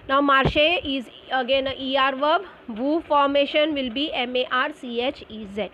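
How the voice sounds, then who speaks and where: A woman's voice: high-pitched, a bit bright, highs cut off, a little hiss or hum. A woman French teacher with an Indian English accent, explaining grammar step by step and spelling words out letter by letter. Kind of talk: recorded school lesson.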